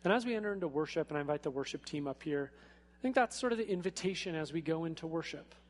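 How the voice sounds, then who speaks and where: A man preaching a sermon in a church, speaking in a casual, animated way with frequent fillers. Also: on the high side, fast talker. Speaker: pastor. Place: church sanctuary. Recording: echoey hall.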